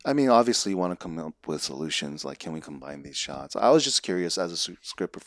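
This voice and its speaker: Man, very low voice, dry close sound, relaxed, filler-heavy, podcast guest. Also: fast, no echo. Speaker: guest, director and animator. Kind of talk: casual conversation.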